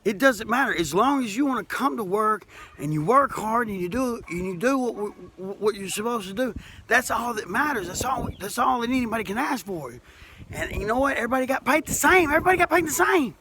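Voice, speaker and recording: Casting: middle-aged Alabama working man, folksy and emphatic monologue, bright forceful voice. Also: sits high, lively intonation, normal speed, slight background noise. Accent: Southern US, Alabama. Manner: folksy, plainspoken, repeats himself, rising to emphatic. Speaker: masonry worker speaking to camera. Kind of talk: impassioned monologue to camera.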